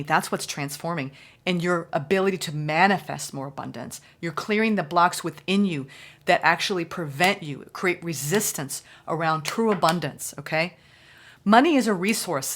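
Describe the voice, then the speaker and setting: Lower-voiced woman reading tarot. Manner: reassuring, keeps asking "okay?"; animated, acts out quoted reactions. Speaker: tarot reader. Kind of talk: casual spoken tarot reading.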